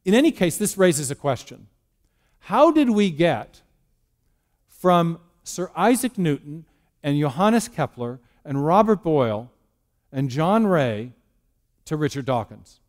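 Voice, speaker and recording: A man speaks at a church as guest lecturer, his voice sitting a little high. He talks in a relaxed, conversational way, with frequent ums and uhs. He turns to the audience with questions as he goes. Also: slow pace, pauses often. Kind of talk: public lecture to a live audience.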